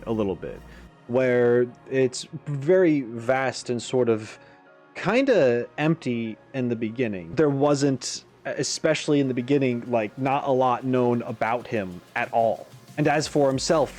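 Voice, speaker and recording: A man hosting a game reaction video, talking in an animated, musing way with frequent asides. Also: medium pitch. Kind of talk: casual commentary.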